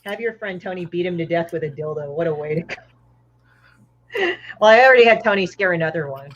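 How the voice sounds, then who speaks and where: Lowish-voiced woman, blunt and profane, casual chat on lo-fi call audio. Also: fast. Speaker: guest comic artist.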